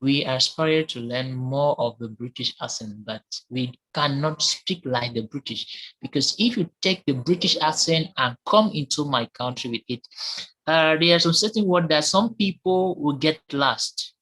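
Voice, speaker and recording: A man's voice: a little high, normal speed, pushed and bright, low-quality recording. Earnest man repeating points for emphasis. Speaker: discussion participant. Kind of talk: giving an opinion in an online discussion. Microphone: online call.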